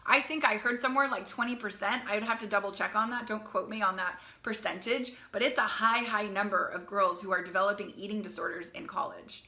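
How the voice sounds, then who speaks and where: A young woman coaching teen girls, talking in a live video to parents in a fast, chatty way, often repeating herself and asking "right?". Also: medium pitch, steady tone, bright, forceful tone.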